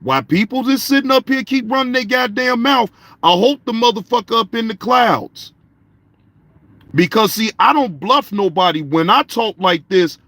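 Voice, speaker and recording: A man's voice: sits high, a bit bright, no room sound. A man hosting a casual live-stream reaction show, speaking, profane and repetitive, addressing viewers in the chat by name.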